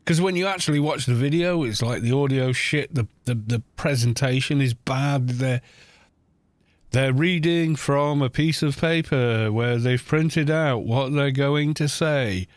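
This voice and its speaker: A man of middle pitch rants bluntly through a live game stream, swearing freely and padding his points with "you know". The sound is dry and close. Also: measured pace, no room sound. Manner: rambling with frequent "you know". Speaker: gaming YouTuber streaming. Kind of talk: casual live-stream commentary while playing.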